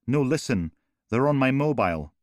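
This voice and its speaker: A man's voice: lowish voice, moderate pace, a little mellow, no echo, studio quality, close to an everyday voice. A man voicing a frantic young woman on an emergency call, pleading and breathless. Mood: panicked.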